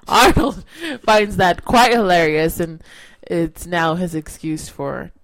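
Woman, from California, podcast co-host, low voice, casual chat, rambling, self-deprecating. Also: drawn-out words, dry recording, rough recording. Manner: self-mocking, rambling with restarts.

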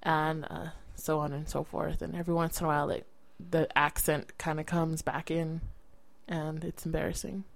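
A woman's voice: low voice, little pitch movement, normal speed, creaky, no room sound, poor audio. A woman from California co-hosting a podcast in casual chat, telling rambling, self-mocking stories with frequent restarts. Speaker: podcast co-host.

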